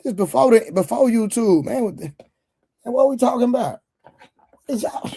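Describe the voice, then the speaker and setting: A man with a hoarse voice hosting a livestream, chatting loosely with viewers in slangy banter full of repeated fillers. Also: very high voice, animated, brisk, mellow, slight background noise. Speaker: livestream show host. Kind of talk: casual livestream chat with viewers.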